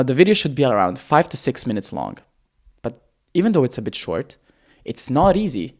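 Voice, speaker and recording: With a mid-range voice, a man coaches viewers on copywriting in an easygoing, lively way on camera. Profanity comes freely, and he shifts his tempo and volume to stress key ideas.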